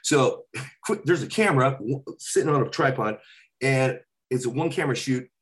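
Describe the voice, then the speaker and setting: Man guest, animated storyteller, swoops in pitch, loose rambling delivery with restarts. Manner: animated, slips into quick celebrity impressions and quoted voices. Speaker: podcast guest, impressionist. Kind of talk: casual storytelling chat.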